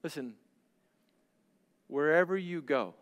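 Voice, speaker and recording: A male pastor preaching a sermon, swinging between loud declarations and hushed, slow lines. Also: fairly high pitch, in a large hall.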